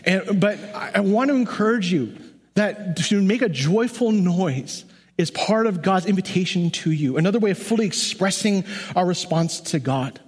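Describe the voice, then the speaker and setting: Male music leader preaching; earnest, emphatic, conversational delivery, slightly high voice, reverberant hall. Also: expressive, moderate pace, breathy edge. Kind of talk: sermon.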